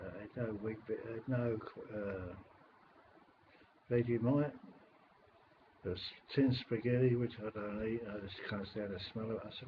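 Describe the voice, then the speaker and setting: An older man with a London accent rambles and grumbles his way through a casual webcam chat. The webcam audio is dull and lo-fi, with a faint hiss underneath. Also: lowish voice. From England. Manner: rambling, grumbling, swears mildly. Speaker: webcam caller. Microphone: webcam microphone.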